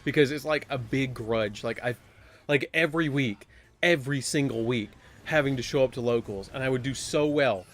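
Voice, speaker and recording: A man's voice: mid-range voice, a bit bright. Chatty man streaming a card game. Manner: rambling, chatty, bursts of surprised exclamation. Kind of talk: casual live-stream chat.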